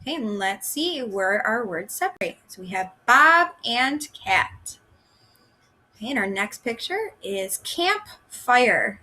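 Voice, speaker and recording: A woman teaching a recorded first grade phonics lesson, slowly sounding out words for young children. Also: fairly high pitch, sing-song, pushed and bright.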